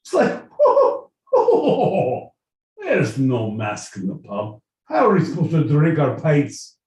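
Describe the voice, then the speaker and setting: A man's voice: fairly high pitch, huge pitch swings, a little slow, a little mellow. A man putting on a pompous mock-British gent. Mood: indignant. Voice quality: grand, swooping exaggerated delivery. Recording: echoey room, mic at a distance.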